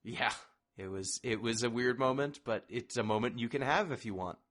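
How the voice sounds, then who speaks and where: A man's voice: mid-range voice, moderate pace, a bit bright. A man hosting a casual podcast chat about a video game, wry and discursive as he steers the talk. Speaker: podcast host.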